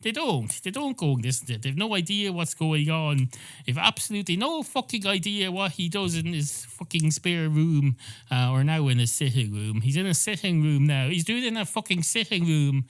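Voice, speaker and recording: A man's voice: on the high side, animated, normal speed. A man hosting a podcast, telling an improvised comic story with rambling, sweary asides. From Ireland. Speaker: podcast host.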